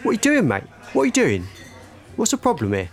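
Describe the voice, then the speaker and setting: A man's voice: high-pitched, wildly swooping pitch, fast, soft background music, voice pushed up, heavily acted. A man voicing a grumpy male service robot in a cafe, blunt and impatient, full of slang. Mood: irritated.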